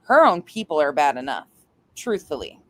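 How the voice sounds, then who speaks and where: Woman streamer, lowish voice, blunt, exasperated, swearing commentary. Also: big pitch swings, normal speed, fairly bright tone, no room sound.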